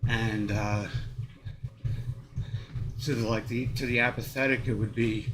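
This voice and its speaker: A man's voice: medium pitch, steady tone, measured pace, background noise. An American man talking casually while walking on a treadmill, rambling and profane, with lots of fillers and short laughs. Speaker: vlogger. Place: home treadmill.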